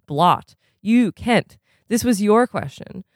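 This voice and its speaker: A reader voicing a brooding, philosophical teenage boy at a tennis academy, in a musing, drawn-out way. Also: mid-range voice, lively intonation, no room sound, clean studio sound.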